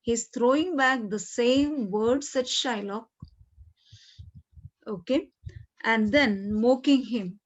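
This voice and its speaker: A woman teacher explaining a play to her class, saying "okay" often and clearing her throat. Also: on the high side, slow pace, long pauses. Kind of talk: classroom literature lesson. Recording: dull lo-fi recording.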